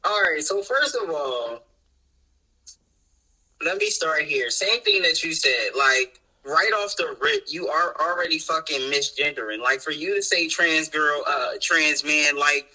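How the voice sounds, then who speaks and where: A man's voice: a little high, a little slow, bright, forceful tone, low-quality recording. A man co-hosting a podcast in casual chat, ranting emphatically with lots of profanity and bursts of laughter. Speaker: podcast co-host.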